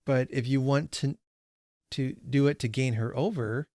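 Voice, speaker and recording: A man's voice: mid-range voice, fairly even intonation, unhurried, warm tone, no room sound, studio quality. A man hosting a book read-along, talking casually about a novel with many fillers. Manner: conversational, frequent fillers and restarts. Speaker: book channel host.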